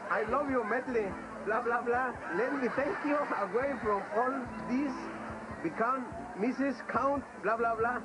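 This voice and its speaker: A man's voice: extremely high pitch, unhurried, very noisy. A man playing a hammy, lovesick vampire count in a campy amateur audition.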